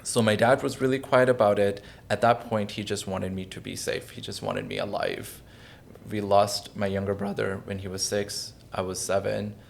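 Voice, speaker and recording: A man's voice: fairly low pitch, steady tone, normal speed, creaky, a little hiss or hum. A man in his thirties, a podcast guest, telling a personal story in an earnest, emotional, reflective way. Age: 30s.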